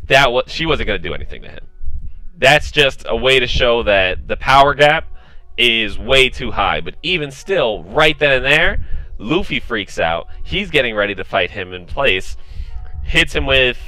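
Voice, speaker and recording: A man casually recapping a comic chapter, excited and full of fillers and restarts. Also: mid-range voice, dry recording, rough recording. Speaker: manga reviewer.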